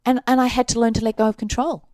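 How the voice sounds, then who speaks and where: An Australian woman guest telling her stories in a casual interview, animated and laughing often. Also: fairly high pitch, fast, dry recording. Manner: animated storyteller, laughs often, acts out quoted voices.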